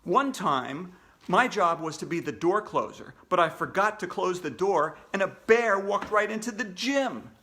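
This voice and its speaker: A man's voice: high voice, animated, a little slow, bright, forceful tone. A man, a children's author, reading his own storybook aloud to kids in a playful way with jokey asides.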